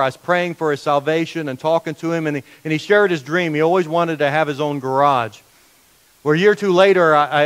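A middle-aged male guest pastor preaching a sermon, telling stories loudly, then dropping to a hushed, intense tone. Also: fairly high pitch, rough recording.

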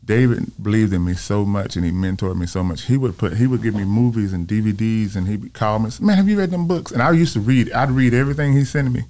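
A man in his fifties, a filmmaker guest on an interview show, telling personal stories in a casual, animated way and acting out the voices of people he quotes. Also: fairly low pitch, quick pace, few pauses. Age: 50s.

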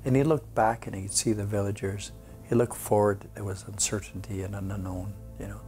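A man telling a traditional folk tale aloud, unhurried, often dropping to a whisper, with halting restarts. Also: fairly low pitch, flat delivery, dark tone, faint music behind. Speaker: storyteller.

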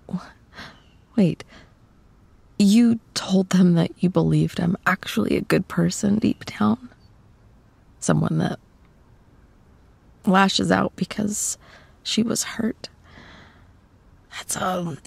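A fiercely protective, tough girlfriend who is learning to be gentle, voiced by a young woman in an intimate audio role-play. Her voice sits low and moves slowly, with plenty of gravelly fry. She speaks softly to the listener and often drops into a husky half-whisper, in a dry, close setting. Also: no echo, full character voice. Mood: tearful, tender. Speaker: voice actor.

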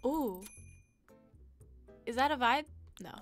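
A woman live-streaming a game, chatting to herself in a giggly, excitable way. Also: medium pitch, normal speed, long pauses. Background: game music.

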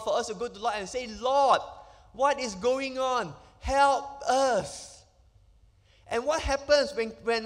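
A man, a pastor preaching an emphatic sermon full of rhetorical questions in a church sanctuary. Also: sits high. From Malaysia. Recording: long reverb of a church hall.

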